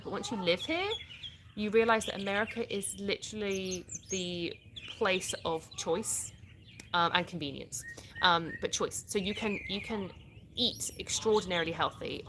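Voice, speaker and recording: A woman's voice: lowish voice, background noise. A British woman from the UK hosting a casual livestream, reading out viewer comments and answering them in a chatty way. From United Kingdom.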